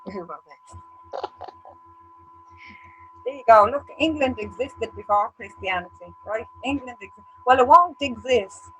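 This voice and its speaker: A woman's voice: on the high side, animated, normal speed, pushed and bright, a little hiss or hum, low-quality recording. An Irish woman co-hosting a casual livestream chat, ranting bluntly with heavy swearing. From Ireland. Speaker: co-host.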